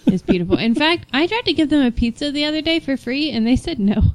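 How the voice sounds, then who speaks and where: A woman's voice: high voice, quick pace, no echo. A young woman chatting casually, telling stories and acting out what people said. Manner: animated storyteller, acts out quoted voices. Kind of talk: casual chat.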